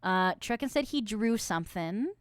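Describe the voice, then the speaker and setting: A woman's voice: medium pitch, expressive, moderate pace, smooth, no echo, clean studio sound. A woman streaming a video game, chatting casually with her viewers and swearing often as she plays. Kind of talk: casual gameplay stream chat.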